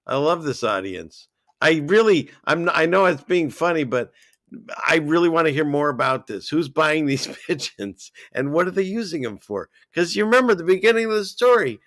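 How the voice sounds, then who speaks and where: A man hosting a livestream, chatting casually and excitably as he reads out viewer comments and drifts between topics. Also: a little high, normal speed, dry recording, clean studio sound. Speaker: livestream host.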